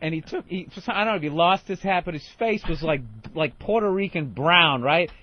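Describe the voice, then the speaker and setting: A man on a radio talk show telling an excited, profane story and acting out people yelling. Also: fairly high pitch, brisk, dull audio.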